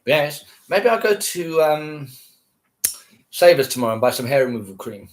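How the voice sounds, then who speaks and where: A man's voice: on the high side, sing-song, moderate pace. A man ranting casually to camera, scornful and heavily profane, repeating himself.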